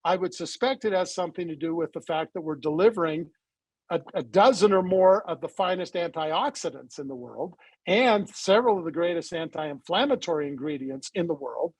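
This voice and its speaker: A man with a high, husky voice talks as a guest on an interview, recorded close in a dry, dead space. He tells his story in a lively way and acts out the conversations as he goes. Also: brisk, dry recording, rough recording. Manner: animated storyteller who acts out quoted dialogue. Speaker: interview guest, supplement company founder.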